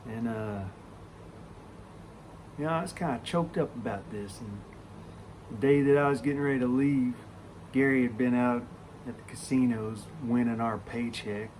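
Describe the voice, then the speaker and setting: A man telling a story from his working life in a casual, animated way, full of swearing. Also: medium pitch, normal speed, pauses often, slight background noise. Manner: profane, animated raconteur.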